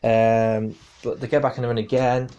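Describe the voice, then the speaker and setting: A man's voice: medium pitch, level tone, normal speed, mellow, muffled recording, slight background noise. A man hosting a casual podcast, rambling with many fillers and restarts. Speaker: podcast host. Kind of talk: casual wrestling review podcast.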